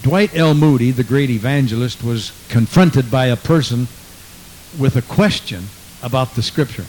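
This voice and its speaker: A man preaching with fervent conviction, mid-pitched and earnest. He reads scripture aloud and keeps repeating his praise phrases. A faint hiss sits under the recording. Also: moderate pace, darkish tone, poor audio. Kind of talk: sermon.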